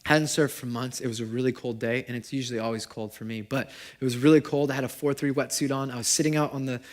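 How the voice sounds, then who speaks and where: A young adult man preaching a sermon to his congregation in a conversational way, asking them questions and moving between loud and hushed. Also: mid-range voice, steady tone, fast talker. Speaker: pastor. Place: church service before a congregation.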